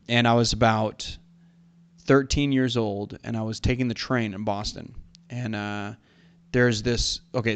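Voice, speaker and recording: A man's voice: fairly low pitch, smooth. A young man co-hosting a podcast, telling a rambling story with many restarts while tipsy from whiskey. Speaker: podcast co-host. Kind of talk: casual chat.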